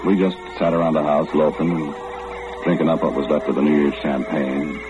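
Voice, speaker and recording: An actor in an old-time radio drama playing an easygoing working man who tells his story in a folksy, relaxed way. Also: rumbling low, a little fast, music in the background. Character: easygoing middle-aged working man narrating his tale. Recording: dull lo-fi old radio recording with hiss.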